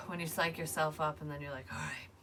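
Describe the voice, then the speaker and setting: Low-voiced chatty woman psychic reader. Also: level tone, moderate pace, crowd noise. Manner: chatty, emotional, swears casually. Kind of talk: casual tarot reading.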